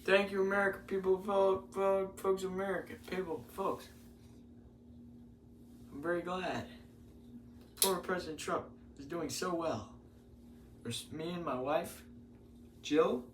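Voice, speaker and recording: A man doing a stammering elderly politician. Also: high-pitched. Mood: halting. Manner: stumbling restarts, drawn-out emphasis. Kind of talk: parody impression. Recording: roomy, distant mic with faint noise.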